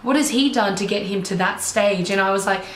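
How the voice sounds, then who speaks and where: A young woman, a life coach, telling her own story in an animated, enthusiastic way. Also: mid-range voice, brisk, a little hiss or hum. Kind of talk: personal storytelling. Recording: roomy echo, faint ambience.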